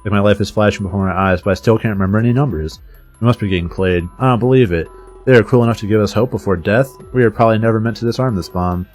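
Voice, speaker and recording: A man's voice: lowish voice, racing, faint music behind. A man streaming, reading a visual novel aloud in a dramatic voice with casual swearing asides.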